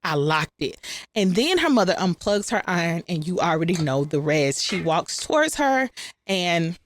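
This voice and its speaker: In a lowish voice with big pitch swings and a moderate pace, a woman recaps a TV episode for her channel as casual storytelling. She's chatty and informal, addresses viewers as y'all, and playfully performs the characters' lines; a slight hiss or hum runs underneath.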